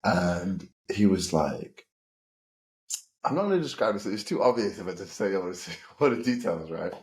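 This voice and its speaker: A young man telling a basketball story in casual podcast chat, animated and slangy. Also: low-pitched, normal speed. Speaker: podcast co-host, basketball player.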